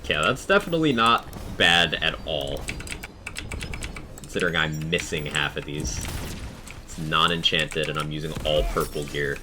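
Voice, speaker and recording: Speaking at a moderate pace in a bass voice, this streamer plays a video game live. He talks casually with his audience and walks them through how the game works, with noisy live-stream sound.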